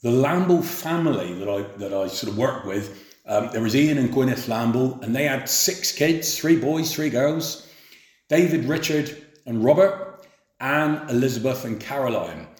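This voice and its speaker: A middle-aged man from England telling memories of his youth in an unhurried, plain-spoken way. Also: medium pitch, animated. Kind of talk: spoken memoir. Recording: roomy echo.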